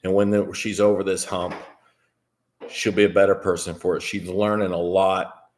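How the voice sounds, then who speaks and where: Low-voiced american guy rambling a story to his stream chat, lots of swearing and ums. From United States. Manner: rambling, profane, with frequent fillers. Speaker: vlogger. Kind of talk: casual storytelling to a live chat.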